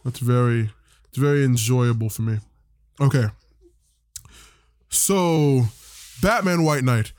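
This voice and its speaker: A man's voice: medium pitch, a little mellow, no echo, clean studio sound. Rambling, profane male podcast host. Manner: rambling, profane, acts out characters in quick voices. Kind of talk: casual comic recap.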